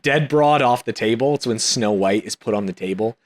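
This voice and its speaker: A man's voice: mid-range voice, fairly quick. An American man co-hosting a casual movie chat, joking and jumping in with quips. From United States. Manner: joking, playful, jumps in with quips. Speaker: podcast co-host.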